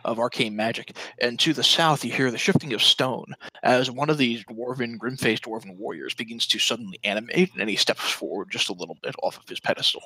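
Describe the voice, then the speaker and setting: A man narrating a tabletop game as game master, calm and descriptive. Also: medium pitch, brisk, hardly any pauses, breathy edge, dry recording, low-quality recording.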